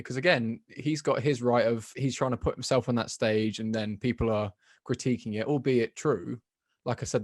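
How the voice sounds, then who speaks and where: A man's voice: medium pitch, no echo, clean studio sound. A man hosting a podcast as an MMA fighter, talking bluntly and swearing freely. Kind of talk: casual podcast chat.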